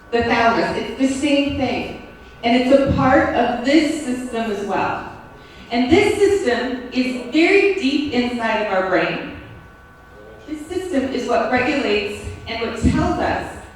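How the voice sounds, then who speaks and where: A woman teaches a classroom lecture about the brain and teaching, speaking conversationally with a fairly high pitch and frequently asking "right?" or "okay?". It's a school lecture room, captured by a far-off mic in a very echoey space with slight background noise.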